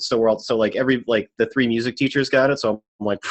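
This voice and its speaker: A man, a guitarist and music teacher, talking casually into a USB microphone on a remote call, relaxed and rambling with lots of "like". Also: mid-range voice, fast talker. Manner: relaxed, rambling, heavy use of "like". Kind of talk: casual chat.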